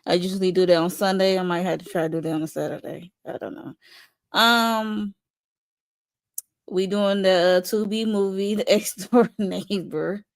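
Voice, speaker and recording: A woman's voice: mid-range voice, steady tone, normal speed, no echo. Rambling woman, dry close sound. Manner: rambling, many ums, playful trash talk. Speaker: guest reviewer. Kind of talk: casual live-stream chat.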